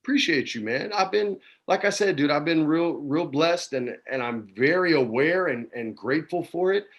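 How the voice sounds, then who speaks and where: A man's voice: on the high side, lively intonation, normal speed, highs cut off. Laid-back man in his forties. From New Mexico, USA. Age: 40s. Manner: laid-back, peppers talk with "man" and "dude". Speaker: guest. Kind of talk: casual storytelling chat. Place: his home.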